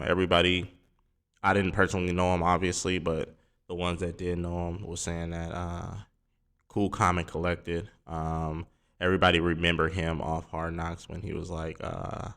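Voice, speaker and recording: Low-voiced man hosting casual sports talk. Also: creaky, fairly bright tone, clean tone. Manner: rambling, filler-heavy, informal. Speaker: sports podcast host.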